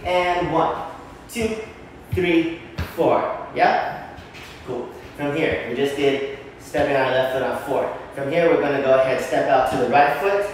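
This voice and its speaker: A man's voice: mid-range voice, slight background noise. A young man teaching an online dance class, counting steps and ending lines with a casual "yeah?". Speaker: dance instructor. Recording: echoey room from far off.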